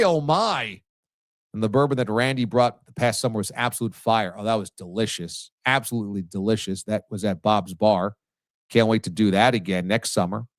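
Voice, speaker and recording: A man's voice: lowish voice, no echo. A man hosting a live sports talk stream in a loose, joking way, reading out viewer comments. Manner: jokey, reads viewer comments aloud. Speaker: show host.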